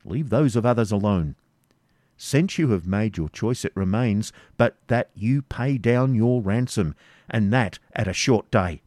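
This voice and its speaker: A man's voice: lowish voice, expressive, a little slow, darkish tone, no echo, studio quality. A man voicing a cruel, sarcastic medieval baron who speaks sternly and with contempt, read as a storybook figure. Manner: stern, mocking, commanding.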